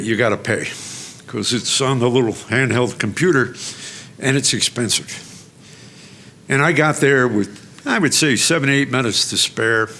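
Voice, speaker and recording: In a lecture hall, a man gives a talk as a guest lecturer, his medium-pitched voice a bit bright, with a little hiss or hum on the recording. Self-deprecating and chatty, he shares personal anecdotes full of asides and restarts that get laughs.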